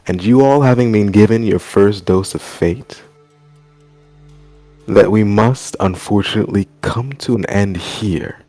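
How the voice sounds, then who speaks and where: A man with a fairly low voice wraps up a tabletop session as game master, his throat strained from hours of talking. He teases his players with quick, wry asides. Faint music plays behind him. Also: darkish tone, dry recording. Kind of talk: casual chat after a tabletop session.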